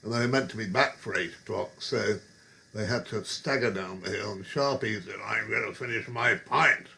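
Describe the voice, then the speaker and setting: A man's voice: on the low side, moderate pace, gravelly, pushed and bright, slight background noise. A man telling rambling, wry pub anecdotes with chuckles and digressions. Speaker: storyteller.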